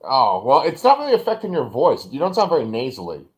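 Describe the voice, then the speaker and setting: A man's voice: medium pitch, wildly swooping pitch, fast talker, rough recording. A man with a nasal voice co-hosting a casual review podcast in a loose, upbeat, chatty way. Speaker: podcast co-host.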